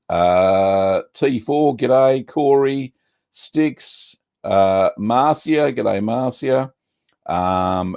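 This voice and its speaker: A middle-aged Australian man hosting a casual livestream chat, relaxed and rambling with lots of ums and uhs. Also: on the low side, gravelly. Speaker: cheese-making livestream host.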